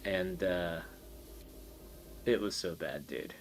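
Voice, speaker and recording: Speaking slowly in a deep voice, a man hosts a casual podcast chat over soft background music. His talk wanders, is full of fillers, and includes plenty of profanity.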